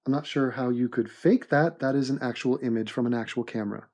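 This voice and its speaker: A man narrates an animated comedy commentary at a brisk pace, using an ordinary mid-pitched voice. His humor is mock-serious, deadpan sarcasm, with every joke delivered straight-faced.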